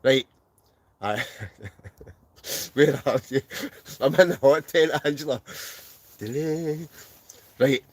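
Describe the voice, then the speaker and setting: Jokey Scottish host in a tent. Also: male voice, mid-range voice, slow, dry recording. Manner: jokey, laughs often, reads names aloud. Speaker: wild camping channel host. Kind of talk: casual live-stream chat reading out comments. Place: inside a heated camping tent.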